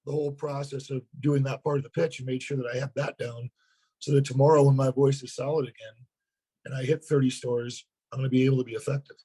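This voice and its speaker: Hoarse earnest man in a webinar. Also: mid-range voice, flat delivery, quick pace, warm tone, rough recording. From North Dakota. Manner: earnest, repeats words when starting. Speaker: sales partner. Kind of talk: webinar interview.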